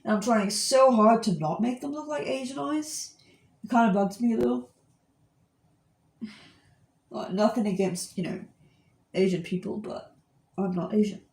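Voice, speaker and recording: A woman's voice: a little high, moderate pace, long pauses, darkish tone, echoey room. A woman in her twenties chatting casually while she draws, telling a rambling story full of fillers. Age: 20s. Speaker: art streamer. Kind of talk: casual chat while drawing.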